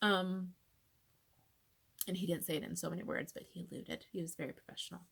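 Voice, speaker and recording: A woman's voice: on the low side, fairly even intonation, fairly quick, vocal fry, long pauses, slightly rough. A young woman talking casually into her phone, telling a personal story with lots of "like" fillers and dropping to a whisper at tense moments. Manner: chatty, frequent "like" fillers, drops to whispers when reliving moments. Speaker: vlogger.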